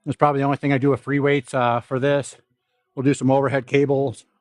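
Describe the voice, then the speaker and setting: A man's voice: mid-range voice, level tone, quick pace, no echo, studio quality. Nasal stuffy-nosed man in a gym. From South Dakota. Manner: profane, rambling, laughs often. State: stuffy nose. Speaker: fitness vlogger. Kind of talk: casual gym livestream chat. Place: indoor gym.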